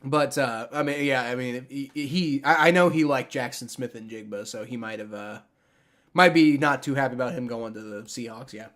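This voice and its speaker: A man's voice: medium pitch, moderate pace, a bit bright. A young man casually reacting on a live stream, rambling with many restarts and frequent swearing. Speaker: streamer reacting to a sports draft.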